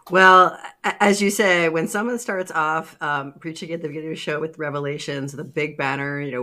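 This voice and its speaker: Animated man guest on a podcast. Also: fairly high pitch, fairly quick, hardly any pauses. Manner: animated, acts out quotes. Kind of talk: casual podcast chat.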